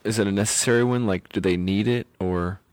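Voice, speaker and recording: Young male podcast host, deep voice, dry close sound, relaxed chatter. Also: a little fast, dry recording. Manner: laid-back, chatty, with fillers. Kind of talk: casual podcast chat.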